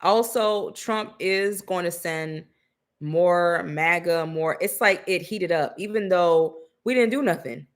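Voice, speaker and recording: A woman's voice: fairly low pitch, slow. A woman co-hosting a podcast, talking in a blunt, sassy, slangy way with casual swearing. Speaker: podcast co-host. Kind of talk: casual commentary chat.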